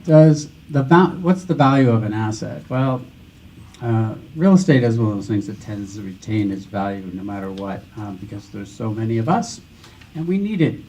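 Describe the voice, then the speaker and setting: Panelist, male, mellow and warm, lively pitch, thinks aloud and restarts sentences. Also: normal speed, rough recording. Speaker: panel speaker. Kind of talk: answering a panel question.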